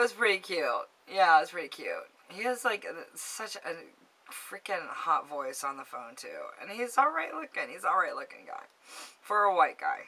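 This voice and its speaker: A woman's voice: fairly low pitch, big pitch swings, normal speed, sharp tone. A woman vlogging, telling a story in a chatty, gossipy way, acting out both sides of a phone call, swearing casually and giggling along.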